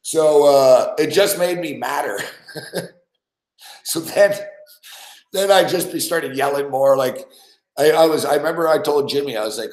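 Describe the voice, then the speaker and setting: A man's voice: a little high, measured pace, pauses often, darkish tone. A man hosting a podcast, telling a rambling, profane story in casual chat and laughing often. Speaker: podcast host. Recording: roomy echo.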